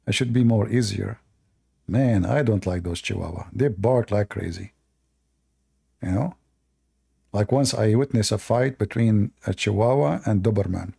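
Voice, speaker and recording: A man hosting a live-stream debate, talking in a mocking, animated way with loose, non-native English phrasing. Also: fairly low pitch, measured pace, vocal fry, long pauses, husky.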